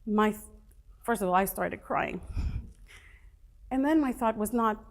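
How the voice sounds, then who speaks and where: A woman's voice: on the high side, lively intonation, measured pace, long pauses. A middle-aged woman motivational speaker telling her personal story to a live audience, emphatic and dramatic.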